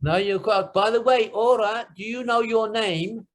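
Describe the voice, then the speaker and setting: A British-born man talking with students in simple, slow English, mixing in Indonesian words and emphatic exclamations. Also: high-pitched, slight background noise. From United Kingdom. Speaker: guest teacher. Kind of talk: classroom discussion. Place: classroom session.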